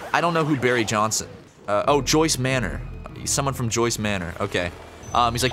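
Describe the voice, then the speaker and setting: A man's voice: mid-range voice, animated, fairly quick, fairly bright tone, faint music behind. A young man chatting on a podcast, telling a rambling story with lots of fillers and swearing. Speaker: podcast co-host. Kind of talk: casual storytelling chat.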